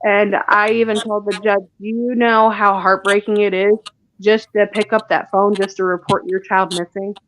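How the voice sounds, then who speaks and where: A woman being interviewed about her missing daughter, speaking haltingly and often restarting her words. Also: mid-range voice, little pitch movement, a bit bright, dry recording, low-quality recording. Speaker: guest, mother of a missing child. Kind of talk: emotional interview recounting events.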